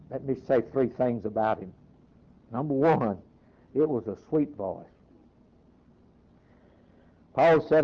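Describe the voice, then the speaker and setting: A man's voice: mid-range voice, darkish tone. A man preaching a sermon, reading scripture aloud and then driving points home in short emphatic phrases. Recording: dull lo-fi recording.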